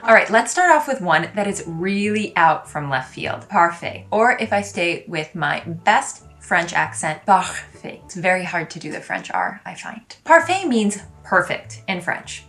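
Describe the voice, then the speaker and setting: A woman's voice: fairly low pitch, sing-song, measured pace, few pauses, a bit bright, faint music behind. A woman hosting a casual video lesson, bubbly and chatty with playful asides. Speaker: language YouTuber.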